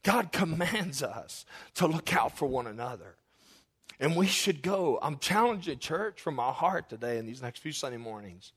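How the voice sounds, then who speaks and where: Impassioned husky-voiced male preacher. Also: fairly high pitch, big pitch swings, normal speed. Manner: impassioned, swinging from loud cries to hushed whispers. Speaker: pastor. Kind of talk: sermon with spoken prayer.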